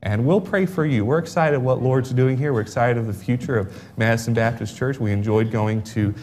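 Young guy preaching with an american accent, grew up in england, earnest and upbeat, middle pitch, gets loud on the big points. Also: a little fast, slight background noise. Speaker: missionary preacher. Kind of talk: sermon.

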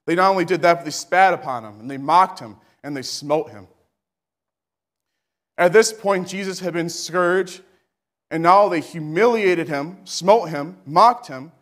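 A man preaching a sermon with fervent delivery that climbs to shouting. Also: fairly high pitch, measured pace.

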